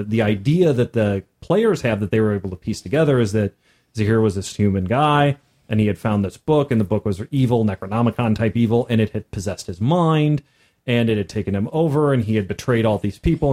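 A man at a middle pitch retells his game session with an animated, storytelling delivery. He jumps into character voices and back out again, keeping the conversation loose and casual. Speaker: game master. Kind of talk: casual podcast chat, recounting a game.

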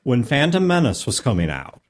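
A man's voice: mid-range voice, wildly swooping pitch, normal speed. A man co-hosting a casual panel chat, telling anecdotes emphatically with insistent asides.

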